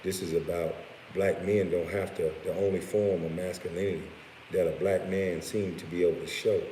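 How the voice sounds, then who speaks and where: Deep-voiced man ranting bluntly. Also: warm tone. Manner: blunt and profane, with laughing asides. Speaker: vlogger. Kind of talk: profane rant vlog. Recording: roomy echo with faint hiss.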